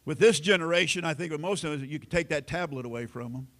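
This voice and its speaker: A middle-aged American pastor preaching a sermon in a folksy storytelling way, acting out family conversations. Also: male voice, on the high side, fast talker, a bit bright. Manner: folksy storytelling, acts out quoted family lines.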